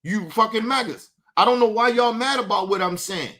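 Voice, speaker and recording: A man on a livestream delivers a combative, profanity-laced rant at his chat. His voice sits high for a man, and he circles back over his own words as he argues. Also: fairly quick, sharp tone. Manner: combative, profane, repeats himself. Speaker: livestream host.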